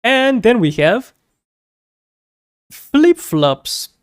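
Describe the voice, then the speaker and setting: Slow, careful woman teaching Spanish. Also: fairly high pitch, big pitch swings, no echo, studio quality. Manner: slow, careful repetition of words. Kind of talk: beginner language lesson.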